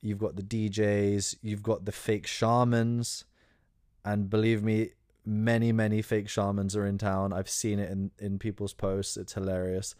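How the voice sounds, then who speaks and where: A young man riffs sarcastically through a crude solo podcast monologue. His voice sits on the low side and he rambles with frequent fillers. The sound is close-miked and dry. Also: little pitch movement, unhurried, a little mellow, no room sound. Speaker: podcast host.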